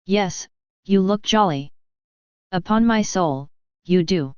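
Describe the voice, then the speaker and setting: A woman's voice: on the low side, slow, a little mellow, clear, resonant tone, no echo. A woman reading the lines of a cheerful, affectionate elderly male postmaster in an audiobook, with a hearty, coaxing manner. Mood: jolly. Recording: dull lo-fi.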